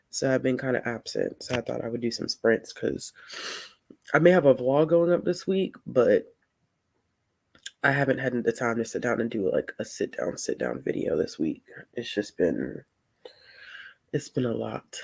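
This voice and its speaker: A man whose medium-pitched voice is creaky and darkish hosts a casual reading livestream. Sleepy and yawning, he rambles slowly, often says "y'all," and greets the people chatting.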